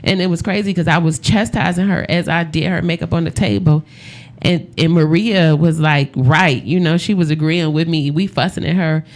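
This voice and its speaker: A woman in casual radio talk, telling stories in a lively way, acting out quotes and laughing often. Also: deep voice, normal speed. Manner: animated storyteller, acts out quotes, laughs often. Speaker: makeup artist for funerals.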